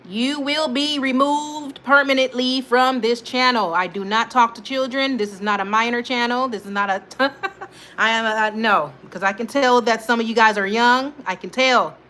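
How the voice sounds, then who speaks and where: A woman's voice: fairly high pitch, steady tone, moderate pace, pushed and bright. A young adult woman hosting a casual livestream, chatting, laughing often and reading viewers' comments aloud. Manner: chatty, laughs often, talks back to chat. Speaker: livestream host.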